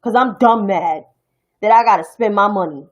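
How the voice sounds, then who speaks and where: A young adult New Yorker with a New York accent rants about politics on her own stream, heated, blunt and profane. Her voice sits in the mid range and moves at a moderate pace. The audio is poor.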